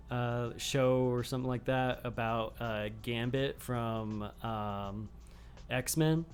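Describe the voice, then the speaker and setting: A man from Texas hosts a podcast with a faint Southern lilt in his speech. He talks loosely, piling up fillers and swear words as he rambles, at an ordinary middle pitch. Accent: slight Southern US. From Texas, USA. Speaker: podcast host. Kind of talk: casual chat.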